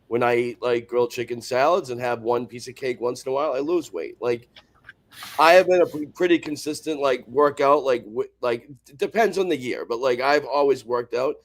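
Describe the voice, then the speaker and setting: A man's voice: mid-range voice, normal speed. A man guest on a panel chat, rambling and filling his talk with "like" and restarts. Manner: rambling, says like constantly, restarts a lot. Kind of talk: casual chat.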